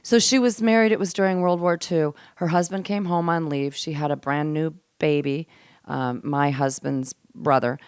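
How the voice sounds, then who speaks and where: A woman comedian telling a family story as a podcast guest, animated and given to laughter and swearing, dropping to a hush for the grim parts. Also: low-pitched, moderate pace, clear, resonant tone, dry recording, clean studio sound. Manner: laughs often, swears casually. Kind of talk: casual storytelling chat. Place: host's home.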